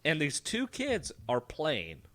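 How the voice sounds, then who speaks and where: A man's voice: a little high, huge pitch swings, slow, fairly bright tone. A young man co-hosting a podcast, rambling through movie scenes in a casual chat, full of restarts. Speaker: podcast co-host. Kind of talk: casual film discussion.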